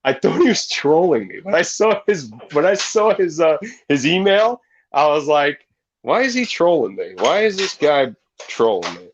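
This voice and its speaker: A snake breeder in his forties, with a voice on the high side and a measured pace, is interviewed on a casual livestream. He tells stories energetically and acts out other people's lines. The video-call audio is muffled and lo-fi.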